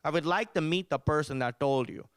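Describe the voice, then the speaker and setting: A woman's voice: low voice, fairly quick, clean tone, natural voice. A man voicing his bossy Indian mother with an Indian accent. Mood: furious.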